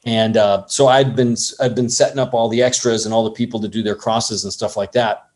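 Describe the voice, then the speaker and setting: A man who works as an assistant director, telling a lively story in an interview and acting out other people's lines along the way. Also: fairly low pitch, fairly quick. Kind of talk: casual anecdote in an interview.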